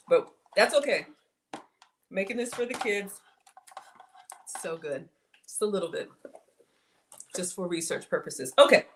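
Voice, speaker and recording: A woman's voice: medium pitch, a little hiss or hum. A woman hosting a casual cooking livestream from her home kitchen, chatting and answering viewer comments as she works. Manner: chatty, reads viewer comments aloud, folksy.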